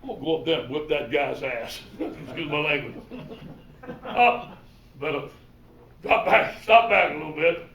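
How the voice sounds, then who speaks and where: Cajun coach, male, high voice, animated storyteller acting out quotes, in an echoey room heard from across it. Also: moderate pace, a little hiss or hum. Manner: animated, acts out quoted dialogue. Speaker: football coach giving a presentation. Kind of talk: motivational storytelling talk. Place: presentation room. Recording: roomy hall, mic from far off.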